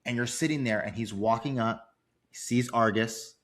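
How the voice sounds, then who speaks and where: A man as a guest on a casual movie podcast, gushing and enthusiastic, halting with feeling. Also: mid-range voice, a bit bright.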